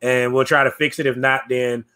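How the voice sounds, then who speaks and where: A man hosting, casually explaining a technical problem with pauses and fillers. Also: medium pitch, flat delivery, bright, forceful tone, smooth. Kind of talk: casual announcement.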